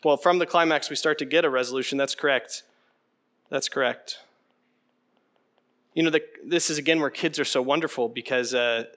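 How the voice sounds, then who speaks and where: A medium-pitched man instructs a preaching workshop, running an interactive session in a conversational, animated style and frequently throwing questions to the room.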